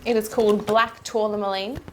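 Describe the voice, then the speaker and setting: A young woman co-hosting a casual food chat. She is bubbly and giggly and talks at a mid pitch. A faint hiss of background noise sits under her voice. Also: flat delivery, normal speed. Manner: chatty, giggly, upbeat. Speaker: co-host. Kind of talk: casual chat over a meal.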